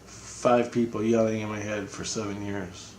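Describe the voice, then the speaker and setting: A man's voice: lowish voice, little pitch movement, normal speed, a little mellow, slight background noise. Rambling blunt man in an echoey room. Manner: rambling, blunt, swears freely. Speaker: spiritual vlogger. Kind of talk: casual spoken video update.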